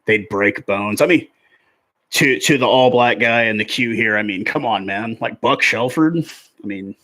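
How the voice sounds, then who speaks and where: A man's voice: on the low side, unhurried, pushed and bright. A man in his forties chatting casually and rambling through live rugby commentary on a stream. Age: 40s. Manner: rambling, conversational, filler-heavy.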